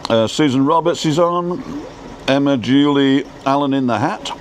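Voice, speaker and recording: A man's voice: mid-range voice, unhurried, a little hiss or hum. A man co-hosting a casual live stream, greeting viewers by name in a chatty, playful way. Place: outdoors in Tenerife.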